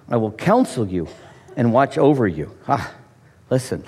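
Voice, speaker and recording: A man preaching a sermon, emphatic and lively, often repeating words as he starts a phrase. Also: unhurried, slightly rough. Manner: emphatic, with sudden high exclamations and dramatic pitch swings. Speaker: pastor.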